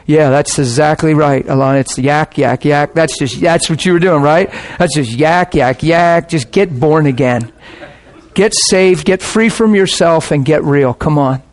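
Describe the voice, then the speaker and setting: A man's voice: on the high side, moderate pace. A middle-aged man, a pastor, preaching a sermon in a passionate, conversational way.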